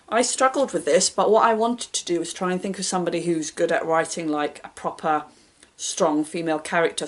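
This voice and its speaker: Chatty self-deprecating woman book vlogger. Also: fairly low pitch. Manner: reads each question out brightly, then answers offhand and self-deprecating. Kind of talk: casual chat answering a book tag.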